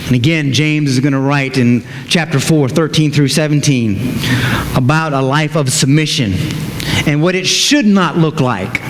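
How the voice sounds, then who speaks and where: A man preaching a sermon as pastor, emphatic, slowing down to stress his points. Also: a little high, background noise. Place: church sanctuary. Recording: echoey hall with faint ambience.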